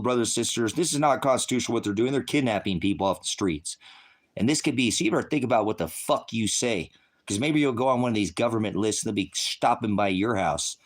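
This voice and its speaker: Profane streaming preacher, male, low voice, confrontational, quotes scripture between insults. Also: quick pace. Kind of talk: profane livestream rant.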